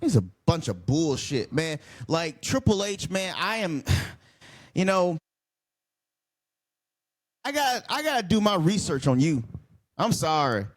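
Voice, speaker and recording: Man ranting, high lively voice. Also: slow pace, pauses often. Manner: heated, profane, rambling and repetitive. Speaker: wrestling commentary vlogger. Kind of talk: casual ranting video commentary.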